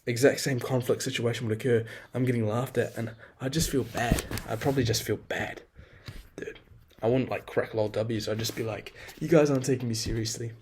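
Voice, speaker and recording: A man's voice: mid-range voice, fairly even intonation, moderate pace, a little hiss or hum. A young man talking through a rambling, frank personal monologue, swearing freely and poking fun at himself. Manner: rambling, swears a lot, frank and self-deprecating.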